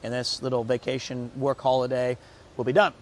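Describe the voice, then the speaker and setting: A man's voice: medium pitch, flat delivery, fairly quick. A man hosting a casual travel stream, chatty and upbeat, talking to his viewers. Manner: chatty, upbeat, reads aloud to chat. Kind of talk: casual travel vlog chat.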